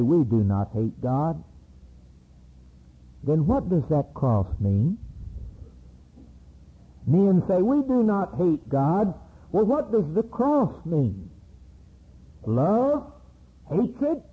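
A man's voice: a little high, breathy edge. Tinny old sermon recording, emphatic male preacher. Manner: solemn, emphatic preaching with repeated phrases.

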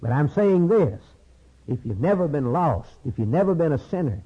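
A man preaching a sermon in a repetitive cadence, swinging between low murmurs and high, urgent cries. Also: very animated, normal speed, slightly rough. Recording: dull lo-fi sermon recording.

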